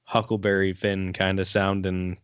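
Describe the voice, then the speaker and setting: A man's voice: low voice, level tone, normal speed, clean tone, dry recording, highs cut off. A man co-hosting a casual podcast chat, telling the story in a laid-back way and swearing casually. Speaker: podcast co-host.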